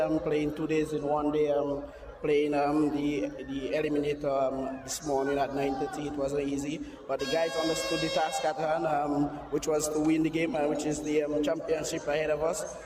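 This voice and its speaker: A man's voice: on the high side, little pitch movement, moderate pace. A man, a team captain answering post-match questions hesitantly with many fillers. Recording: echoey, distant, noisy.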